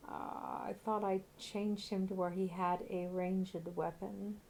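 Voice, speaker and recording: A woman talks through her game in a chatty, blunt way, thinking out loud and swearing now and then. Her voice sits at an ordinary middle pitch in relaxed, casual commentary. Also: unhurried, a little hiss or hum. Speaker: streamer.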